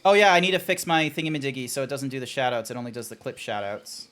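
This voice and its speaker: A man's voice: medium pitch, fast, fairly bright tone. A man streaming live, chatting casually in a rambling, joking way and trailing off mid-sentence. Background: faint background music.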